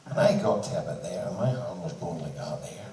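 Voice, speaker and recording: Man, low voice, anecdotal stage patter, recorded from far back in a reverberant hall. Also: a little fast, dark tone. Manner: joking, anecdotal, quotes others in dialogue. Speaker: band member speaking at a concert. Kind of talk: storytelling speech to an audience. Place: large hall, speaking to a seated crowd. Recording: echoey hall from far off, faint noise.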